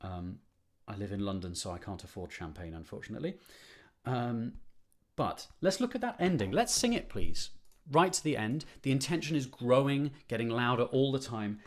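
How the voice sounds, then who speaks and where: A man's voice: mid-range voice, expressive, moderate pace. A man leading an online choir rehearsal, explaining phrasing patiently, repeating points for emphasis, with light self-deprecating humor. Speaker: choir conductor.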